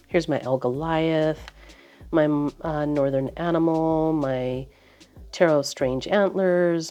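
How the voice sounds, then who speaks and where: A woman's voice: deep voice, dark tone. A woman giving a casual, rambling desk tour, a little out of breath, talking with lots of fillers and restarts. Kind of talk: casual chat.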